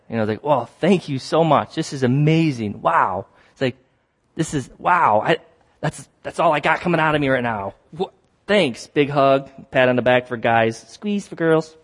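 A man preaching a sermon, telling stories with lively acted-out exclamations and repeating key phrases for emphasis. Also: mid-range voice. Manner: animated storytelling, acts out shouts and exclamations.

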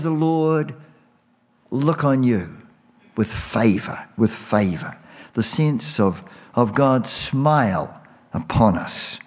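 A man preaching a sermon as a pastor, slow and emphatic, repeating phrases for weight. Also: medium pitch, darkish tone, in a large hall.

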